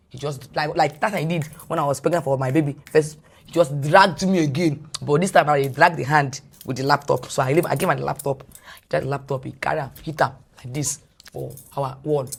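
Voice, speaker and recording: Husky Nigerian woman telling her story. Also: low-pitched, brisk. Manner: animated retelling that slips between English and Pidgin. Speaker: guest. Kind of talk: personal storytelling in a podcast interview.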